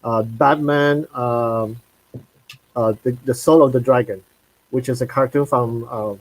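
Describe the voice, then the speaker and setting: A man hosting a livestream interview, speaking haltingly and searching for his words, heard over a video call. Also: mid-range voice, steady tone, low-quality recording. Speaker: host.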